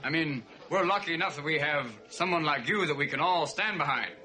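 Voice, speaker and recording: A man playing a zany male alien visitor to Earth in a 1970s sitcom, with rapid silly wordplay. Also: fairly high pitch, sharp tone. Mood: cheeky.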